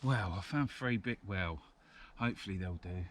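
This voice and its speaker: A deep-voiced man chats his way through a woodland demonstration. He rambles, restarts his thoughts, and chuckles often. Steady outdoor noise sits clearly behind his voice. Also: moderate pace. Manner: rambling and chatty, with frequent chuckles. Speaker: bushcraft vlogger. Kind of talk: casual outdoor chat and demonstration.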